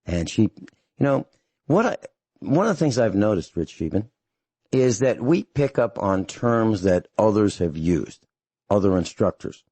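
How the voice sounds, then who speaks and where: A man hosting a radio talk show, speaking steadily and repeating details slowly and carefully. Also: lowish voice, sing-song, dark tone, husky, no echo.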